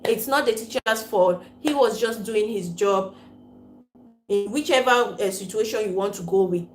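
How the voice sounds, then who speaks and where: A woman's voice: medium pitch, moderate pace, soft background music. A woman with a Cameroonian accent hosting a casual livestream chat, reading out viewer comments, laughing often and mixing pidgin with English. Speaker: livestream host. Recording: roomy echo, faint room noise.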